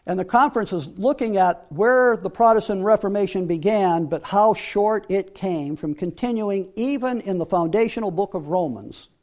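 Man, high-pitched voice, bible teacher, emphatic, repeats phrases. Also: moderate pace, few pauses. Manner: emphatic, repeats phrases, drops to quiet asides.

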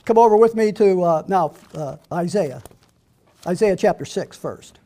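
A man preaching a sermon, reading scripture slowly and earnestly and often restarting or correcting himself mid-sentence. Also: high voice, expressive, warm tone. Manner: slows right down to read verses aloud.

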